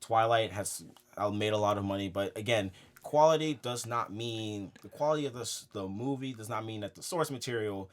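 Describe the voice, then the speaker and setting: A young man co-hosting a casual film podcast, animated and laughing as he makes his points. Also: lowish voice, a little fast, hardly any pauses. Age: young adult. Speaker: podcast co-host.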